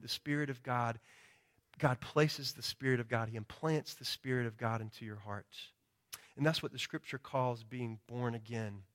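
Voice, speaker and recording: A man's voice: a little high, fairly bright tone. A man preaching a sermon in an emphatic, rhetorical way, often asking "right?" and acting out quoted confessions in a raised voice, with a chesty cough. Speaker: pastor.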